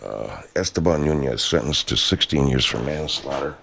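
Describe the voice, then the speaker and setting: A low-voiced man rambles through loose comic talk. His pitch jumps around a lot, and he drops crude, jokey asides as he goes. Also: expressive, moderate pace, vocal fry, fairly bright tone, breathy edge.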